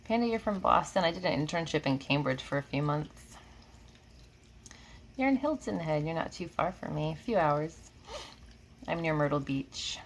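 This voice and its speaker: A woman from New York with a slight Southern drawl speaks in a low, gravelly voice. She chats easily with live-stream viewers, answering comments one after another and laughing often. The recording carries a faint hum of room noise. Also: animated, moderate pace, pauses often. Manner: chatty, laughs often, drifts between comments. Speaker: reiki healer hosting a live stream. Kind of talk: casual live-stream chat, reading comments. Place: home room with air conditioning.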